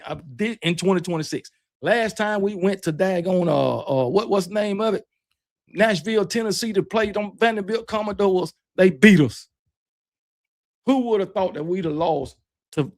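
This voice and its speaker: Southern man, livestream host, high voice, loose and rambling trash talk, close dry mic. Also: no room sound. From Alabama, US. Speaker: host of a fan livestream show. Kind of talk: casual livestream chat, reading super chats.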